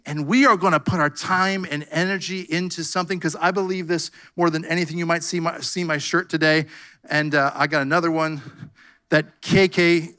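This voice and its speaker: A man's voice: on the high side, pushed and bright, smooth. A man pastor preaching a fervent sermon, calling out "come on" and "amen" to his congregation. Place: church sanctuary.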